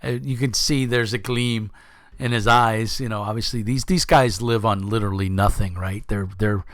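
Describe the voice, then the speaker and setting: A man's voice: lowish voice, dry recording. Dry-sounding male game master. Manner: relaxed, halting, repeats words. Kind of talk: narrating a tabletop game.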